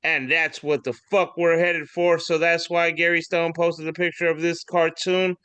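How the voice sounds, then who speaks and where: Guy rambling thru memes on a podcast, cusses a lot, bright voice, dry close mic. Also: fairly high pitch, little pitch movement, normal speed, clean tone, no room sound. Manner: rambling, swears freely, laughs at the jokes. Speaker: podcast co-host. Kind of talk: casual chat reading memes aloud.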